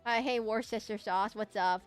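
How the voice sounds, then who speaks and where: A woman's voice: medium pitch, fairly even intonation, moderate pace, clear, resonant tone, faint music behind. A woman VTuber streamer chatting casually with her viewers, rambling and repeating herself. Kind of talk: casual live-stream chat.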